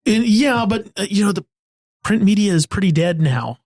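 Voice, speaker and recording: A man co-hosting a comedy podcast, improvising a scene in a halting way, full of fillers and restarts. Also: high voice, lively intonation, darkish tone, no echo, studio quality. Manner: hesitant, many fillers and restarts. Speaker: podcast co-host.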